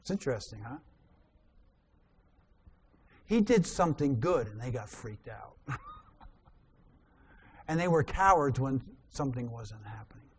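A man's voice: mid-range voice, unhurried, pauses often, slight background noise. A man preaching a sermon, reading scripture aloud and explaining it, his voice rising on quoted lines. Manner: animated reader, rising loud on quoted lines.

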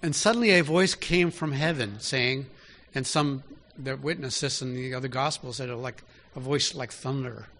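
A man's voice: mid-range voice, normal speed, few pauses, fairly bright tone, a little hiss or hum. A man preaching a sermon in an easy, conversational way, often asking his listeners direct questions.

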